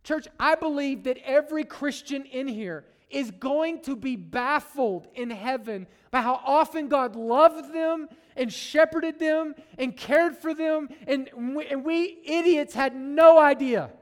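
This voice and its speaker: High-voiced pastor in an echoing hall. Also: male voice, unhurried, hardly any pauses. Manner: conversational, joking, constant "right?" tags. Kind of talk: sermon. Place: church sanctuary. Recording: long reverb of a large hall.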